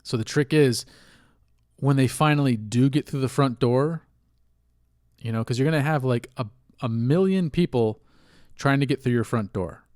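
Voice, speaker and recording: Speaking at a moderate pace with a medium-pitched, darkish voice, this podcast host delivers a casual monologue on his own. He's candid and a bit rueful, sniffling through allergy congestion, recorded cleanly in a studio without echo.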